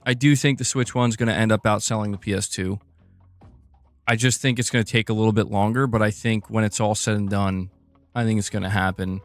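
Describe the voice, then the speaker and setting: A man's voice: lowish voice, fairly even intonation, fairly quick, no room sound, soft background music. A man hosting a casual live stream about video game news, chatting loosely and reacting to his chat with frequent laughs.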